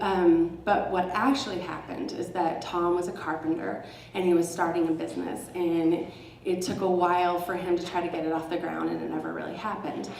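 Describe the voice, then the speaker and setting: A woman's voice: fairly low pitch, a little mellow, slight background noise. A woman from Texas telling a personal story to a live audience, sarcastic and casually profane, often laughing. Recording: roomy hall, mic at a distance.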